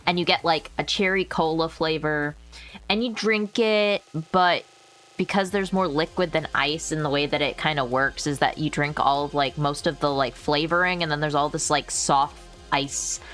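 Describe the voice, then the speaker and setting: A woman streams in casual chat on a new microphone, her voice sitting a little low. She rambles from thought to thought, laughs often and swears casually, with faint music underneath. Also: fairly even intonation, normal speed, fairly bright tone. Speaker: livestreamer. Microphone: new desk microphone.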